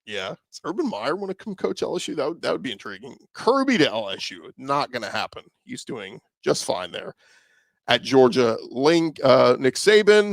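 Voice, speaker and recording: A man's voice: medium pitch, big pitch swings, normal speed, vocal fry, dry recording. Sarcastic man riffing on viewer comments. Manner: rambling, sarcastic, reads viewer comments aloud. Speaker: podcast host reacting to live chat. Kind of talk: casual live-stream chat.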